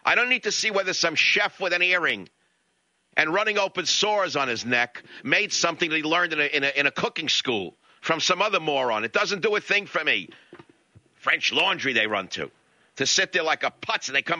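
A man's voice: medium pitch, very animated, brisk, bright, forceful tone, dry recording. A male radio talk show host delivering a blunt, sarcastic monologue into a studio mic. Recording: dull lo-fi radio audio.

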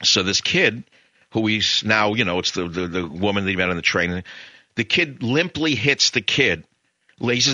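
A man's voice: fairly low pitch, lively intonation, normal speed, pushed and bright, dry recording. A middle-aged American man hosting a talk radio show, retelling a story in a rambling, emphatic way with opinionated asides. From United States.

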